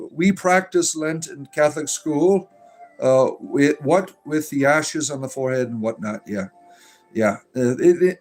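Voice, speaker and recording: Rambling man chatting on a livestream. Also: fairly high pitch. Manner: rambling, repeats himself, many fillers and restarts. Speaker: livestreamer and spiritual entertainer. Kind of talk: casual livestream chat, reading viewer comments.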